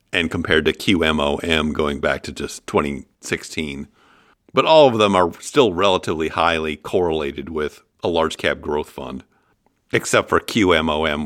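A man with a Midwestern American accent hosting a finance podcast, explaining things in a measured way with dry humor. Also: sits low, a bit bright, no room sound. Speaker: podcast host.

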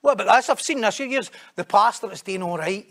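A man delivering a sermon with a notably high-pitched voice for a man. He talks in a lively, conversational way and often jumps into loud, raised bursts of emphasis. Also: a little fast, creaky. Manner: animated, acts out quoted voices, sudden loud high bursts. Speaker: preacher.

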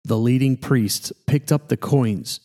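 Male pastor, scripture reading, steady measured delivery, warm dark voice. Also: medium pitch.

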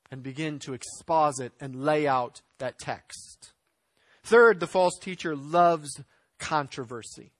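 A man with a high voice delivers a sermon, pushing hard on key words and then sinking quiet. The recording is dry and close, with no room sound. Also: no echo. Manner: emphatic preaching with rising and falling intensity; clears throat now and then. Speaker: pastor.

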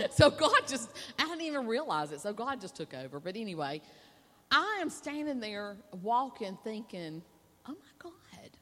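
A woman preacher telling a folksy, animated story in a sermon at a women's conference, laughing and acting out the voices. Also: a little high. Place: stage at a women's conference with a hall's reverb. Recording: long hall reverb.

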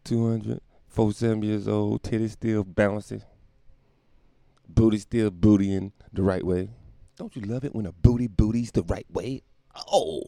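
A man's voice: lowish voice, fairly even intonation, normal speed, vocal fry, mellow, no echo, clean studio sound. A man hosting a comedic solo podcast, rambling, profane and self-mocking, often laughing at his own jokes. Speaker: podcast host.

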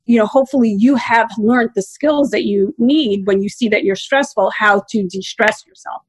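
A woman's voice: a little high, moderate pace, slightly rough, dry recording. A woman in her forties, a parenting expert guest, explaining earnestly in an interview and repeating her key points. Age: 40s. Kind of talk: interview answers.

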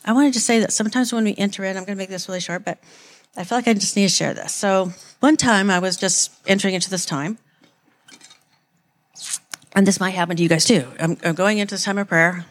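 A woman's voice: medium pitch, quick pace. A woman giving an informal sermon, earnest and rambling, with many "like"s and restarts. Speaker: church speaker.

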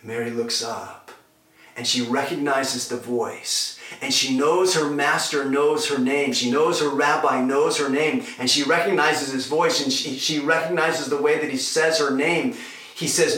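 A male pastor preaching a sermon and retelling scripture as an animated story, heard from a distance in an echoey room. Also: fairly high pitch, a little slow.

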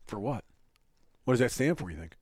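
A man's voice: mid-range voice, sing-song, brisk, darkish tone, breathy edge, no room sound. A man in the middle of his range hosts a loose podcast chat, rambling, joking and cursing offhand. The sound is dry and close, with no room around it. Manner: joking, rambling, swears casually. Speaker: podcast host. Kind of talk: casual chat.

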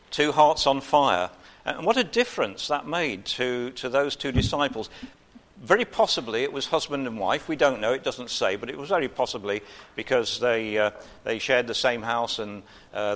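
A male preacher with a mid-range voice delivers an informal, chatty sermon with gentle humor. He speaks conversationally, taking unhurried pauses filled with "uh."

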